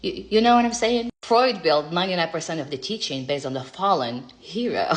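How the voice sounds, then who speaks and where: A woman vlogger chats casually to the camera, sassy and profane, teasing her viewers and laughing often. Her fairly low voice has lively intonation and runs a little fast with hardly any pauses, swinging between hushed asides and loud, emphatic bursts.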